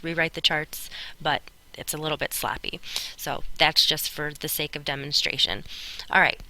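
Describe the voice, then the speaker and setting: Speaking over her notes, a woman patiently explains a Spanish grammar lesson step by step in clear terms. Her fairly low voice sounds pushed and bright.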